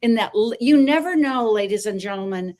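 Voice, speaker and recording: A woman's voice: a little high, animated, a little fast, darkish tone. An older woman telling her story as a guest in a casual conversation, emphatic and dramatic, with many restarts. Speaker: guest, health practitioner.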